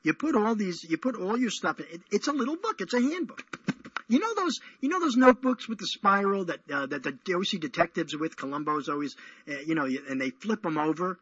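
A man's voice: sits high, very animated, fairly quick, a bit bright, slightly rough, dry recording. A man hosting a radio show, chatting in a playful, rambling, teasing way. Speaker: radio host. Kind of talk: casual call-in radio chat. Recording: dull lo-fi radio audio.

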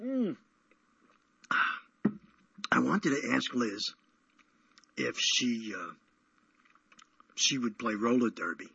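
Rambling, husky-voiced male radio host. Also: medium pitch, very animated, slow, long pauses, sharp tone, no echo. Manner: playful, rambling, teasing. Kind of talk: casual call-in radio chat. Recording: dull lo-fi radio audio.

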